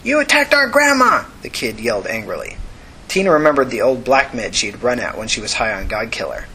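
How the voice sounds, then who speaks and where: A male narrator reading a novel aloud at an even, steady pace. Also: on the low side, fast, a little hiss or hum, rough recording. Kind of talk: audiobook narration.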